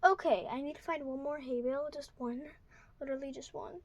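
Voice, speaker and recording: A woman's voice: high voice, level tone, quick pace, darkish tone, no echo, rough recording. A woman vlogging at home in her bedroom, chatting casually to viewers and thinking aloud as she sorts toy horses. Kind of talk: casual running commentary while organizing.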